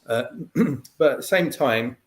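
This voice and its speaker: A male guest pundit giving measured, explanatory analysis in conversation, often filling with "um" and "you know". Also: medium pitch, animated.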